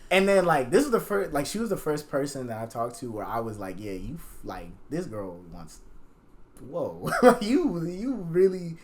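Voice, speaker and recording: A young man, a podcast guest, telling a story in casual chat, profane and animated, acting out the lines he quotes. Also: mid-range voice, moderate pace. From Jamaican.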